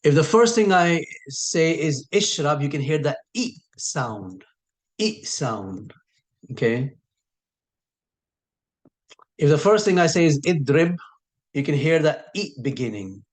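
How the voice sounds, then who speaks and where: A man teaching a recorded lesson who patiently repeats key sounds and draws words out slowly for emphasis. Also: fairly high pitch, expressive. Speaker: Arabic teacher.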